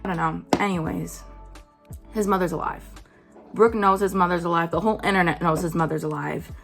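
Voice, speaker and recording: A woman's voice: on the low side, fairly even intonation, brisk, vocal fry, soft background music. Blunt chatty woman vlogger. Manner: chatty, blunt, filler-heavy with "like" and "um". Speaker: commentary vlogger. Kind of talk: casual commentary chat.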